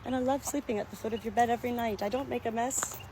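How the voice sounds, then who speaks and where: A woman voicing a timid little frizzle hen in a soft, sweet voice, outdoors with chickens behind. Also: fairly high pitch, fairly even intonation, fast talker, background noise, pitched above the performer's own voice, close to an everyday voice. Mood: pleading.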